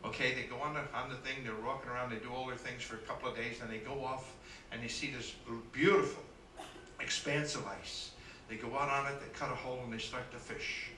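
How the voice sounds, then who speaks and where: A man doing stand-up comedy as a cruise ship entertainer, telling brisk jokes with asides to the crowd. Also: medium pitch, noisy background. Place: cruise ship show room. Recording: echoey room from a distance, live band.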